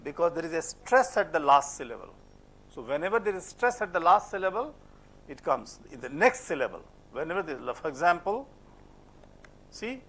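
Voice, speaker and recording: A man's voice: fairly high pitch, very animated, moderate pace, fairly bright tone. A man with an Indian English accent lecturing a class on French pronunciation, asking questions and repeating words as a drill. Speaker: French phonetics teacher.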